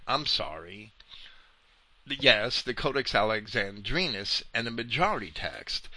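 A man preaching through scripture at an unhurried pace, his tone sharp and forceful. His pitch climbs and drops widely as he presses his points, and the sound is close and dry. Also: no room sound. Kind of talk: slow verse-by-verse Bible commentary.

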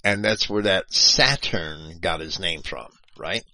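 A man giving an unscripted explanatory monologue, lecturing in a halting way with frequent restarts and self-corrections and spelling terms out letter by letter. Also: deep voice, pushed and bright, dry recording, poor audio. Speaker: video host.

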